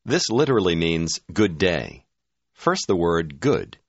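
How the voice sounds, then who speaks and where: A man giving scripted narration for a language course, prompting the listener in a clear, measured way. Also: low-pitched, sing-song, no room sound. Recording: dull, dry studio audio.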